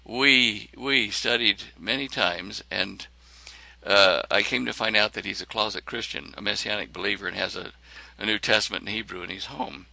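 A man telling a personal story in a lively way, acting out the lines of the people in it. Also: lowish voice, normal speed, vocal fry, no room sound. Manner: animated, acts out other people's lines.

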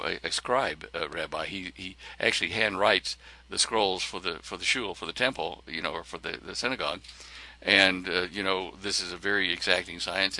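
A man telling a personal story in a lively way, acting out the lines of the people in it. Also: deep voice, dry recording. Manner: animated, acts out other people's lines.

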